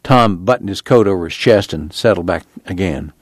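A man reading a novel aloud in steady, measured narration. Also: low voice, no room sound, studio quality. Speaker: audiobook reader.

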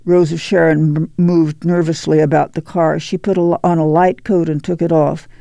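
Male audiobook narrator, measured and gravelly, somewhat higher pitch, dry. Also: level tone, dark tone, dry recording. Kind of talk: scripted narration.

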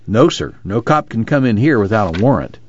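A man's voice: on the low side, very animated, fairly quick, muffled recording. A man reading aloud voices a matter-of-fact male camp watchman. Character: calm older male camp watchman, steady.

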